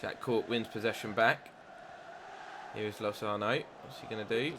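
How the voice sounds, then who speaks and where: A young man giving excitable play-by-play commentary on his own football video game match, with asides about his tactics. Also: on the low side, moderate pace, noisy background. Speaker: gaming YouTuber.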